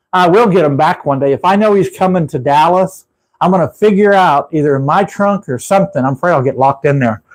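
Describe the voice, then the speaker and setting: A man's voice: high-pitched, poor audio. A man with a Texan accent, hosting a casual live chat from his room, rambling and laughing at his own stories. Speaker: livestream host.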